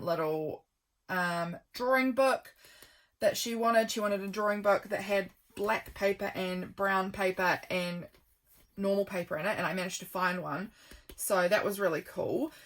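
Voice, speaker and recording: A woman vlogger chatting through a journal flip-through, rambling and affectionate, with many ums and quiet trailing asides. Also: mid-range voice.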